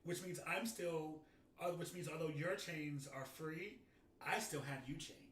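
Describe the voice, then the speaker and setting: A man in casual conversation, reflective and full of restarts, with a bright, slightly higher voice. He sits back from the mic in a reverberant room, with faint ambient noise behind him. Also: unhurried, distant mic. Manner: reflective, restarts often, laughs into his points. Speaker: podcast co-host. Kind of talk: casual chat.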